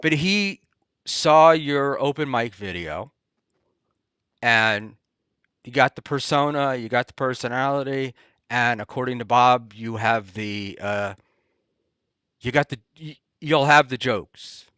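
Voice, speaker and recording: A man hosting a casual talk show, rambling and halting with many ums and restarts. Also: mid-range voice, sharp tone, clean tone, no echo. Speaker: podcast host. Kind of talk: casual chat. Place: Hoboken area, New Jersey.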